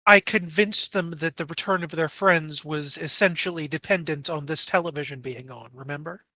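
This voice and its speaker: A man's voice: fairly high pitch, normal speed, bright, forceful tone, no room sound. A man playing a tabletop role-playing game in character, speaking in a dry, matter-of-fact way. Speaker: player. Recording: dry, dull lo-fi mic.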